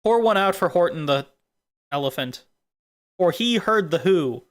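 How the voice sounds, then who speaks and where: Rambling streamer with a lively voice. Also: medium pitch, normal speed. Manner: rambling, silly tangents. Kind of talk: casual stream chat.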